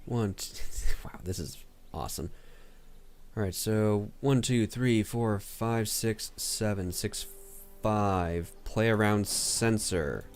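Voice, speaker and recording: A man with a somewhat low voice streams a digital card game, thinking aloud in a relaxed, casual way. He often mutters counts under his breath as he works out his plays. Soft game music plays quietly underneath. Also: slow pace. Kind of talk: casual gameplay commentary.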